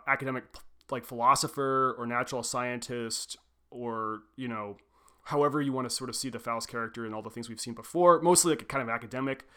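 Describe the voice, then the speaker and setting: A young man co-hosting a podcast in a loose, rambling way. He sits at a middling pitch for a man and keeps circling back and correcting himself as he explains. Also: bright, forceful tone, clean tone. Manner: rambling, self-correcting, frequent "like" and "um". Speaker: podcast co-host. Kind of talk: casual podcast discussion.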